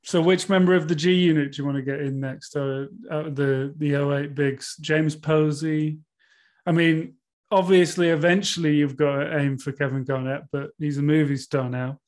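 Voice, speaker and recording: Chatty British man with higher voice. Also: fairly even intonation, moderate pace, a little mellow. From United Kingdom. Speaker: podcast co-host. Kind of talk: casual podcast chat.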